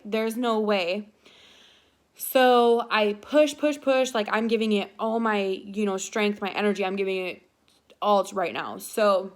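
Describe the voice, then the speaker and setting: A young woman speaking casually to her viewers at a mid-range pitch for a woman. She tells a personal story in a loose, chatty way, full of fillers and little restarts. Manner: chatty, filler-heavy, animated retelling. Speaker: vlogger.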